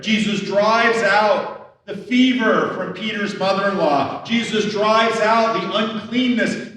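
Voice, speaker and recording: A high-pitched man preaches from the pulpit at an unhurried pace, talking to the congregation like a conversation and voicing the questions of the people in the story. He is heard from some distance off the mic, with a long echo ringing through a big church hall. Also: a bit bright. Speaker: pastor. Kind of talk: sermon. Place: church sanctuary.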